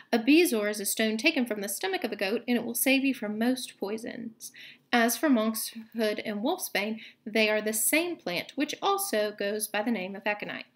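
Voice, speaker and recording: A woman's voice: on the high side, lightly acted. A woman voicing a cold, contemptuous male potions teacher in a read-aloud storybook, speaking in cutting, sneering tones.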